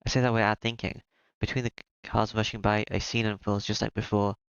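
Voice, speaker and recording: Lowish-voiced man reading a game aloud. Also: level tone, vocal fry, smooth, no echo, highs cut off. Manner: halting, stumbles and restarts while reading. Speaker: let's play host. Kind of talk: playthrough commentary and reading aloud. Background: game music.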